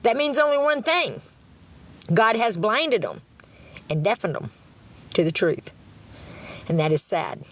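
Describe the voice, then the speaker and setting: A woman's voice: medium pitch, big pitch swings, unhurried, pauses often. A middle-aged woman rambling on a livestream, blunt and profane, laughing often and talking about God.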